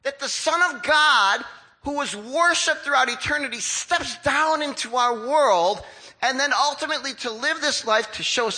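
An older male pastor preaching in a high, piercing voice with a bright, cutting edge. His delivery is lively and conversational, and he slips into the voices of the people he describes. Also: moderate pace, poor audio. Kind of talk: sermon.

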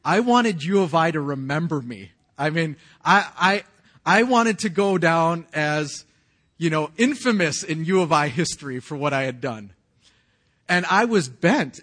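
A pastor in his forties gives a sermon with personal testimony, sharing his own story conversationally, with casual slang and many restarts. His voice is on the high side, expressive and a bit bright, at a normal speed.

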